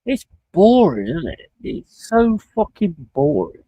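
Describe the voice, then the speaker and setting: Sweary, giggly streamer bloke. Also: male voice, fairly high pitch, wildly swooping pitch, slow, warm tone, breathy edge, rough recording. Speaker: streamer watching a football match. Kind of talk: casual live-stream chat.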